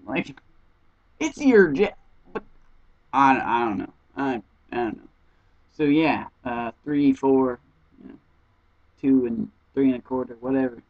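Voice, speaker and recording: A young man telling stories in a casual vlog, animated and jumping into high squeaky voices whenever he quotes someone. His speaking voice sits at an ordinary middle pitch. The sound is a little dull and lo-fi, like an old webcam mic. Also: no room sound. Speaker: exchange student vlogger.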